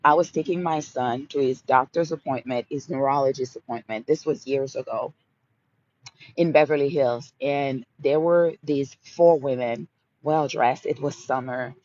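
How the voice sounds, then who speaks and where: A woman's voice: a bass voice, a little slow, a little mellow, highs cut off. A woman with a Haitian accent hosting a live Q&A, speaking emphatically in affirming, repeated mantras and calling listeners honey and baby. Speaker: host of a live Q&A. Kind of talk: motivational livestream talk.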